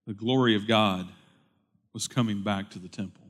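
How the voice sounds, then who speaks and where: A man pastor delivering a sermon, moving from loud, urgent preaching to quiet, conversational storytelling. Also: lowish voice, steady tone, normal speed. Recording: long hall reverb.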